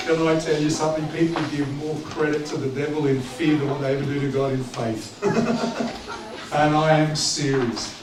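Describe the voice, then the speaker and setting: A man preaching a sermon as pastor, animated and joking in a conversational way. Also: fairly high pitch, moderate pace. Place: church. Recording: echoey church hall from a distance with background noise.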